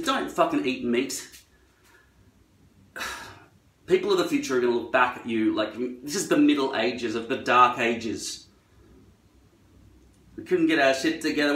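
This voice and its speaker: A man's voice: mid-range voice, fairly bright tone, recorded from a distance. Man ranting profanely in a roomy echo. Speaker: vlogger. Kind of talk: rambling monologue while trimming hair. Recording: roomy echo, away from the mic.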